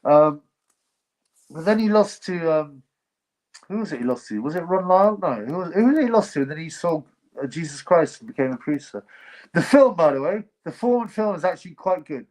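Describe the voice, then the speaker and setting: A man's voice: fairly high pitch, animated, fairly quick, darkish tone, low-quality recording. A man hosting a casual livestream, reading chat comments and giving blunt, rambling opinions. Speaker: livestream host.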